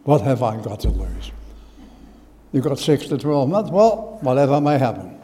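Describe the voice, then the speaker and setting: A man with an Australian accent preaching a sermon in church and telling a personal story. He stresses words with force, then drops to hushed asides. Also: medium pitch, in a large hall. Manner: emphatic, swings from loud stress to hushed asides.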